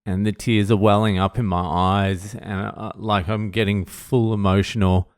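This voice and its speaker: A man's voice: lowish voice, little pitch movement, moderate pace, no echo, studio quality. A middle-aged man telling a blunt, profane and emotional story in a casual monologue to camera. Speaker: vlogger.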